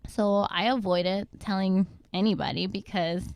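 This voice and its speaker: A young woman recounting a hard personal story in a talk show chat. Her voice has a gravelly, fry-edged texture, and the recording is close and dry. She keeps slipping into quick quoted lines from the people around her. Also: mid-range voice, steady tone, a little mellow, dry recording. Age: young adult. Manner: quotes others in quick reenacted lines, many likes. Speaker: guest mother.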